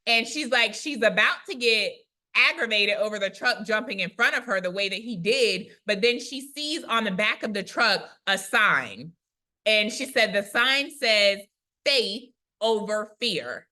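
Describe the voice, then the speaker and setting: A woman who is a Christian prophetic speaker, retelling a testimony in a chatty, animated way, often tagging lines with "right?". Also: mid-range voice, moderate pace. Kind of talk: conversational storytelling testimony.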